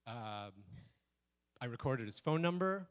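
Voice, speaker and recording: A man telling a personal story on stage at a speaker event, animated and acting out the lines he quotes. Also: mid-range voice, unhurried, clean tone. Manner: animated, acts out quoted lines in shifting voices. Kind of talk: live storytelling talk.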